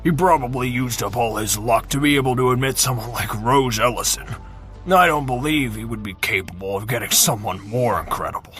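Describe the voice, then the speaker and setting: A man voicing a bright, sneering arrogant teacher. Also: medium pitch, fairly quick, soft background music, close to an everyday voice. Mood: incredulous. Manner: sneering, incredulous. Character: arrogant scornful male academy teacher. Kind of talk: audiobook character reading.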